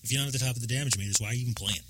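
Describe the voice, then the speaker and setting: A man talking as a guest on a podcast, trading jokes in quick banter. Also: medium pitch, very noisy. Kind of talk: casual chat.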